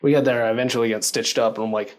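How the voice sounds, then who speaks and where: A man casually telling a personal story, animated and full of fillers, laughing along as he goes. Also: mid-range voice, rapid-fire. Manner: animated, acts out quoted lines, filler-heavy.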